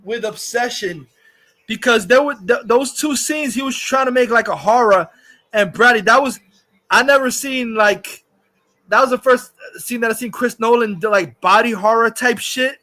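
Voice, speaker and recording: Casting: high, bright male streamer, crude rambling rant, frequent laughs. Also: moderate pace. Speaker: streamer host. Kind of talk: casual livestream rant.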